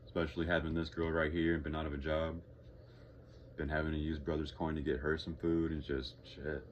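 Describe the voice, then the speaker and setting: A man's voice: sits low, slight background noise. A young man from Texas talking casually in a vlog, rambling, swearing freely and sighing often. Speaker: vlogger.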